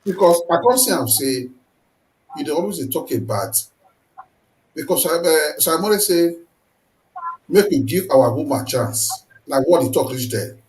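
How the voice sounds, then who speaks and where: A man's voice: a little high, animated, measured pace, pauses often, darkish tone. A man with a Nigerian accent hosting a talk show, asking long, emphatic questions. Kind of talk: interview questions in Pidgin. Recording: echoey room with faint noise.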